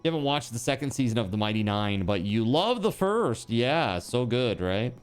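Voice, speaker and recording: A man's voice: medium pitch, sing-song, moderate pace, clean tone, faint music behind. A man streaming a building game, chatting casually and answering his chat aloud.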